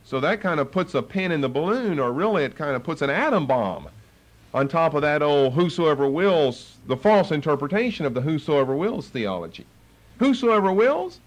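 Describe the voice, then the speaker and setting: A male pastor delivering a Bible study sermon, his voice sitting a little above the usual male register and swinging widely in pitch as he presses each point. He hammers key phrases by repeating them and keeps an emphatic, pulpit-style delivery throughout. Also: lively intonation, brisk.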